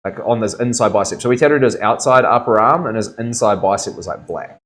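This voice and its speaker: A young man talks in a rather low voice while he works as a tattoo artist. His chat is loose and rambling, full of "like", "bro" and "eh". He tells stories from his own work in an easy, offhand way. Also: brisk, fairly bright tone. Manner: laid-back, rambling storyteller full of "like", "bro" and "eh". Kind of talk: casual chat.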